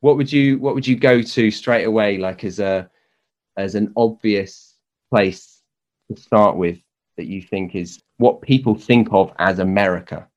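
Host: low-voiced Southern English man, relaxed conversational chat. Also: a little slow, highs cut off. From Southern England. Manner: relaxed, easygoing, fillers and restarts. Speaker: podcast host. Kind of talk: casual conversation.

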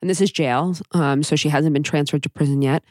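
A woman with a very deep voice hosts a podcast. She narrates and explains in a steady, measured way. Her voice is recorded close and dry, with no room sound. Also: dry recording. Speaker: podcast host.

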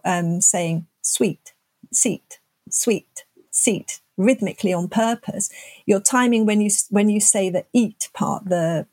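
A woman's voice: medium pitch, a little mellow, dry recording. An older woman, a scientist guest, explaining her research thoughtfully in an interview. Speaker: neuroscientist guest.

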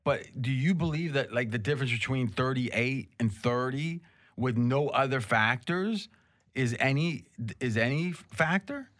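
A man on a sports betting talk show who keeps pressing his co-hosts with skeptical questions. His pitch sits at an ordinary middle, and he cuts in often to challenge their reasoning. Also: unhurried, fairly bright tone. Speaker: sports betting podcast host. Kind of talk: casual debate.

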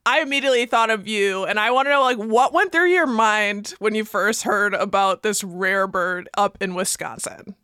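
A woman hosting a radio chat, upbeat and asking quick questions of her guest. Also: mid-range voice, pushed and bright, smooth, dry recording, clean studio sound. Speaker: radio show host. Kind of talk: casual radio interview.

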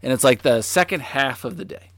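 A man in his forties telling a story in casual chat, animated, with lots of fillers and swearing. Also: medium pitch, a little fast, no room sound, studio quality.

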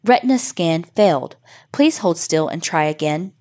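A woman voicing a calm alien guide inside a virtual reality headset, giving flat, instructive commands. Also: lowish voice, normal speed, close to an everyday voice.

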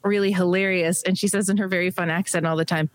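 A woman co-hosting a casual comedy podcast, describing a film in a relaxed way, often pausing on ums. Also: on the low side. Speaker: podcast co-host. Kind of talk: casual chat.

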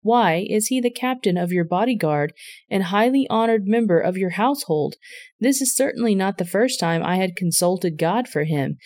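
A woman's voice: medium pitch, a little mellow, no room sound, studio quality, lightly acted. A woman voicing a loyal male priest who respectfully pleads his innocence before the king.

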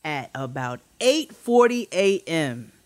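A woman co-hosting a podcast who tells a story in a casual, animated way, swearing freely and acting out quotes in a much higher voice. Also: takes it slowly, dry recording. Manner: animated, swearing, acts out quotes with big pitch jumps. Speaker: podcast co-host.

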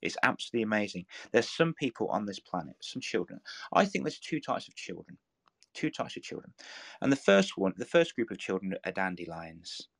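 A man talks warmly in an encouraging, motivational way, repeating phrases and restarting as he presses a point. His voice sits low. The sound is dry and close, with no room around it. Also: very animated, a little fast, vocal fry, no echo. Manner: earnest, repetitive, coaxing, full of restarts. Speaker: live audio room speaker.

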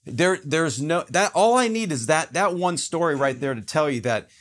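A man's voice: on the high side, normal speed. Earnest storytelling man. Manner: earnest and emphatic, with animated storytelling. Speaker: guest. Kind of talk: conversational storytelling on a podcast.

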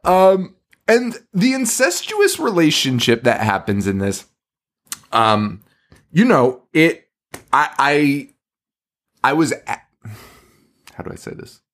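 A man's voice: on the high side, takes it slowly, pauses often. A man co-hosting a podcast, chatting casually and swearing a lot as he acts out scenes from a movie. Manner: animated, profane, acts out quotes from the movie. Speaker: podcast co-host. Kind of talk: casual chat.

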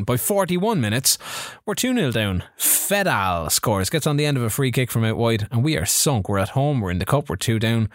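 A man's voice: medium pitch, no echo, clean studio sound. A man co-hosting a podcast, chatting casually and animatedly about his football management game save. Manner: animated storytelling, quick bursts, rising in surprise. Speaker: podcast co-host.

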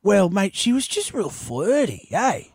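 A man with an Australian accent putting on his middle-aged dad's voice, a laid-back matey bloke with a slow drawl. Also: high voice, wildly swooping pitch, gravelly, a little mellow, breathy edge, no echo, studio quality, heavily acted. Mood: knowing. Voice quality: drawling, says mate a lot. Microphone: studio mic.

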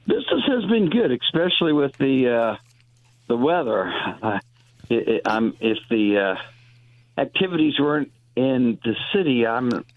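A man in his sixties, a deli owner calling in to a radio show, talking in a halting way with many restarts. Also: mid-range voice, sing-song, no echo. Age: 60s. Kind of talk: casual radio interview on the phone. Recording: dry tinny phone line.

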